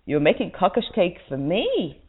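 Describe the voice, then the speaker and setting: A stern heavenly judge questions slowly in a lowered voice, as a woman storyteller puts him on. The voice is quiet and grave. The sound is thin and phone-like. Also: wildly swooping pitch, husky, exaggerated voice. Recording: tinny phone-like line.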